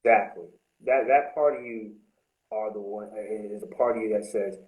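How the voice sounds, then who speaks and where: A man's voice: fairly low pitch, animated, moderate pace, a little mellow. Man, candid recovery talk, blunt and profane, echoey room. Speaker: host.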